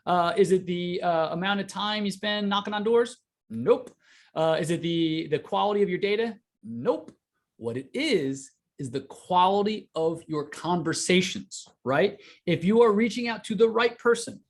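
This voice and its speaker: A man coaching a live online sales class, energetic, often checking in with "right?". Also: fairly high pitch. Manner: energetic, repeats "right?" to the audience.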